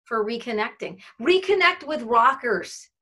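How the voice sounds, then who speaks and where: A woman's voice: a little high, lively intonation, measured pace, pushed and bright, breathy edge. Effusive woman radio host. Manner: effusive, gushing with affection. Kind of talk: casual video-call interview. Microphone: video call.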